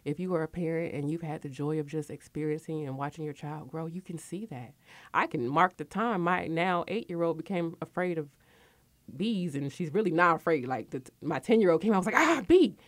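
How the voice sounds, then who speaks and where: A woman in her forties runs a radio talk show, talking briskly in an echo-free recording. Open and candid about her life and work, she keeps things chatty and lively with sudden high bursts.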